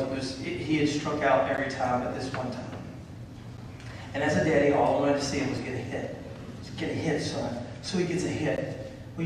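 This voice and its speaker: A man preaching a sermon as pastor, fervent and building to shouts, with many repeated phrases. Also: fairly high pitch, a little hiss or hum. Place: church sanctuary. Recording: echoey church hall from far off.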